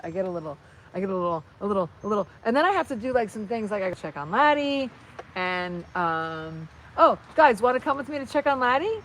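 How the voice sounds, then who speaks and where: A woman on a casual livestream, rambling and playful as she talks to her viewers on her phone. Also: medium pitch. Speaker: vlogger. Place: outdoors at a horse barn. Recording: loud background noise outdoors.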